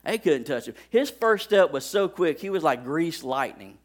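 Animated preacher telling a story. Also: male voice, on the high side, normal speed. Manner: animated storytelling with sound effects; folksy, addresses the congregation directly. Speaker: pastor. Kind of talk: sermon with a personal story.

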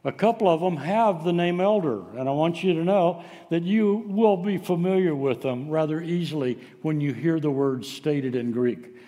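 A man's voice: a little high, moderate pace, few pauses, dark tone, long reverb tail. A man preaching a sermon, telling stories in a folksy way with frequent filler sounds. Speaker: pastor.

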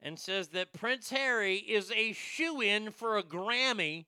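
A man rants through a profane, off-the-cuff commentary show with loud bursts of excitement and disgust. His voice is bright and forceful, smooth and crisp. It sounds dry and close to the mic. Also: high voice, takes it slowly, no echo. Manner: crude, ranting, loud bursts. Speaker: show host.

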